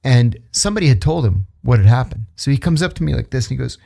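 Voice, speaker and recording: With a mid-range voice, vocal fry, and a quick delivery with hardly any pauses, a middle-aged man tells stories as a guest on a laid-back podcast. A former intelligence officer, he animatedly performs the voices of those he quotes.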